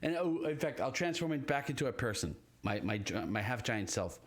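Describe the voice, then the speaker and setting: A man at a tabletop game who talks in fits and starts and stammers over his words. His pitch swings widely. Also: very animated. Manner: stammering, halting, with restarts. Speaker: player. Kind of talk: playing a tabletop game in character.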